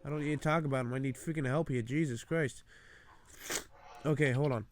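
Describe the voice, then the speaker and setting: A man's voice: mid-range voice, steady tone, a little fast, a little mellow. A man running a tabletop game over a voice call, talking hesitantly. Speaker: game master.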